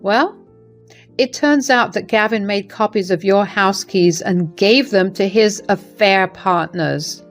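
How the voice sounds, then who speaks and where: A woman voicing a remorseful middle-aged mother-in-law who speaks gently and apologetically. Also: mid-range voice, slow pace, faint music behind, close to an everyday voice. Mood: worried.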